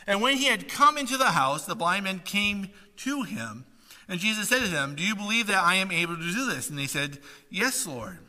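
Male pastor, high bright voice, casual preaching style, long hall echo. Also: sing-song, moderate pace. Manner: conversational, checks in with "right?" often. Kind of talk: sermon.

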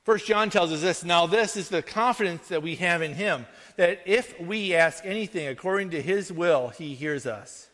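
A pastor delivers his sermon in an earnest, conversational way, his voice sitting high for a man. He keeps checking in with the congregation with quick asides. The sound rings with the long reverb of a large hall. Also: a bit bright. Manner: earnest, conversational preaching with frequent "right?" asides.

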